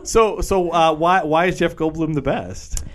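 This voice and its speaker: A man hosting a podcast, leading a playful casual chat with quick, halting restarts. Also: on the high side. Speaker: podcast host.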